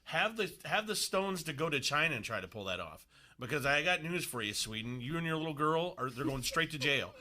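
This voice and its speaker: A man with a bright, forceful voice hosts a sports radio talk show. He rants bluntly and leans into sarcasm. He talks from a radio studio. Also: a little high, very animated, fairly quick. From United States.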